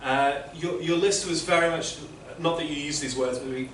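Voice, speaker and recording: A man's voice: on the high side, moderate pace, a bit bright, a little hiss or hum. A man teaching interpreting, giving patient, explanatory feedback to students in a classroom. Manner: patient, explanatory, many restarts. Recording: echoey classroom from far off.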